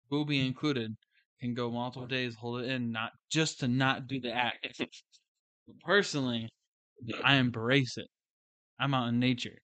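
A man's voice: medium pitch, pushed and bright, no echo. Young man, podcast co-host, joking banter, dry close mic. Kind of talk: casual chat. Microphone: studio podcast mic.

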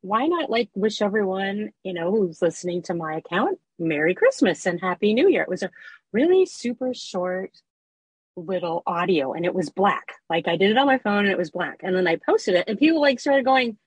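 Woman guest, husky, dry close sound; chatty storyteller, full of "like" and "you know.". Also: mid-range voice, normal speed, dry recording, low-quality recording. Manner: chatty, animated storytelling with fillers and laughs. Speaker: erotica author and audiobook narrator, guest. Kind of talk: casual interview chat.

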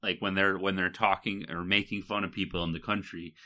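The speaker, a man from Michigan, is a podcast co-host in a loose, rambling chat with fillers and laughs. He talks fairly quickly in a low voice that stays level and sounds sharp.

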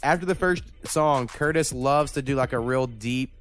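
A man's voice: medium pitch, normal speed, a bit bright. A man hosting a casual music podcast, talking loosely and swearing often. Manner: loose, profane, rambling. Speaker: podcast host.

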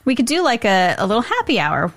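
A woman co-hosting a podcast in casual, relaxed chat, using "like" a lot. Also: a little high, fast. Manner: relaxed, chatty, says "like" often. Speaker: podcast co-host.

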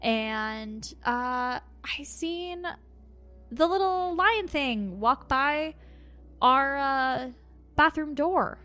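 A woman on a podcast, casually telling a personal story with animated asides and acted-out quotes. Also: sits high, very slow, faint music behind. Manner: animated storytelling, acts out her own quotes with laughs. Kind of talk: casual chat.

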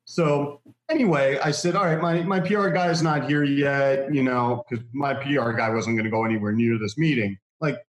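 A man casually telling a long anecdote, animated, laughing often and acting out what others said. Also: medium pitch, moderate pace, hardly any pauses, roomy sound. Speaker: guest telling a story.

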